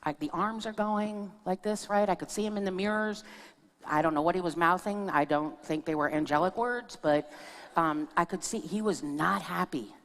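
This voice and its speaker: A woman's voice: on the low side, moderate pace, fairly bright tone. A woman minister giving a sermon in a church, telling stories in a conversational way and speaking with her audience. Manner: conversational storytelling with audience asides. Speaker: guest minister. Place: church sanctuary. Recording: long reverb of a church hall.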